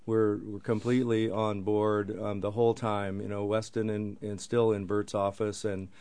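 Low flat-voiced man explaining. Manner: measured, procedural explaining. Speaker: guest, involved in city funding. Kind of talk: explanatory chat.

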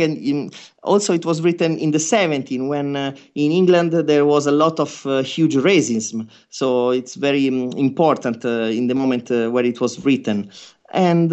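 Musician from Italy, slightly high voice, animated storyteller, dull lo-fi recording. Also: male voice. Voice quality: animated storyteller who acts out quotes. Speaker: reggae band musician, guest. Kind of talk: casual interview. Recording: dull lo-fi sound.

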